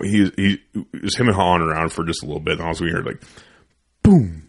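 A man's voice: low-pitched, fast. A young man hosting a podcast, telling a loose, profane, rambling story in a casual studio chat. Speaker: podcast host.

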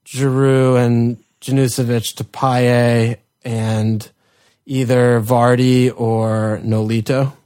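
A man's voice: mid-range voice, flat delivery, slow, a little mellow, clear, resonant tone. Laid-back man bantering casually. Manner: laid-back, teasing, blunt. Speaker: podcast co-host. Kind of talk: casual fantasy football chat.

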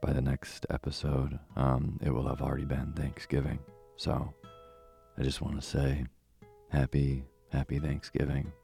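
A man's voice: rumbling low, measured pace, creaky, soft background music. A man hosting a bedtime story show, chatting informally and then reading a story aloud in a soothing way. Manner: relaxed, informal. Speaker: bedtime story podcast host.

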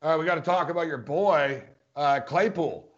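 A man's voice: fairly high pitch, normal speed, muffled recording. A man co-hosting a sports podcast, talking emphatically and repeating points for stress. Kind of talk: casual sports talk.

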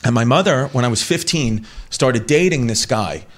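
On a talk show, a comedian guest in his forties spins a meandering anecdote, cutting himself off, laughing, and slipping into impressions of the characters. His voice sits in the mid-range, moving at a moderate pace with lively intonation.

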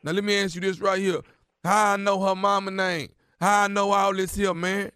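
A man's voice: high-pitched, level tone, normal speed, very noisy, close to an everyday voice. A man playing a hotheaded male inmate calling from jail, talking street slang, insistent and confrontational. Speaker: prank caller.

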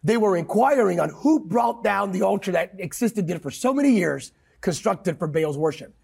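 A man with a high, gravelly and husky voice preaches with fervor during a conversation. He leans hard on key words, cites scripture and swings up and down for emphasis. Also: lively intonation, moderate pace, a little mellow. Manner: emphatic, quotes scripture, swings pitch widely. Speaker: pastor guest.

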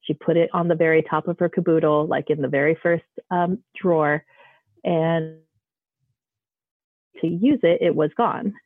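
A woman's voice: low voice, fairly even intonation, normal speed, pauses often, dry recording. Woman caller on a tinny phone line. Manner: rambling with many fillers and restarts. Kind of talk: casual storytelling. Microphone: phone call.

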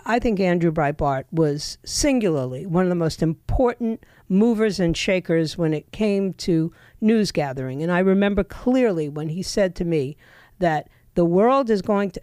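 A woman's voice: mid-range voice, darkish tone, no room sound, studio quality. Sardonic woman talk radio host. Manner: chatty, sardonic, with frequent fillers and restarts. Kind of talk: opinionated talk radio monologue.

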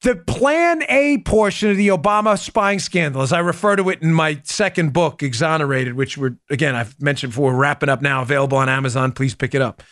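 A man hosting a political commentary show, talking emphatically, repeating his key points and breaking off into quick asides. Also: fairly high pitch, a bit bright. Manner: asides and self-interruptions. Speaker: podcast host.

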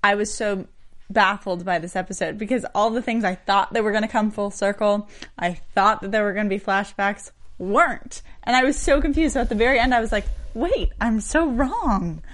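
A woman with a mid-range voice co-hosts a loose chat about a TV show. She talks in an animated way and laughs easily. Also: medium pitch, a little fast. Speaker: co-host. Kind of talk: casual TV aftershow chat.

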